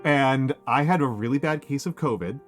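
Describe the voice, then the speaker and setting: A man's voice: mid-range voice, moderate pace. A man chatting casually on his stream, rambling through his stories with plenty of fillers and restarts. He laughs often, and faint music plays behind him. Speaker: streamer host. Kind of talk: casual chat while painting.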